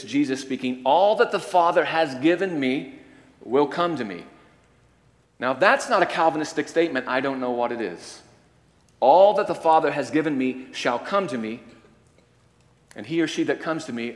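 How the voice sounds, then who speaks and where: A male preacher delivering a sermon, swinging from quiet, low statements to loud, emphatic declarations. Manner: varies loudness, rising to emphatic declarations and dropping low. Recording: long hall reverb.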